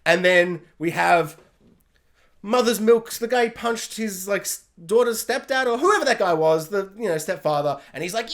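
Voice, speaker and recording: A young man casually reviewing a TV show, rambling and excitable with lots of fillers. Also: high voice, moderate pace.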